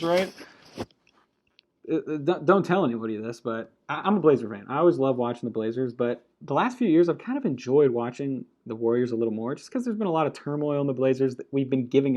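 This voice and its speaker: Blunt, annoyed man ranting about basketball. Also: mid-range voice. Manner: animated, blunt, swears, frequent restarts. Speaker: basketball commentator. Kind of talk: casual opinion rant.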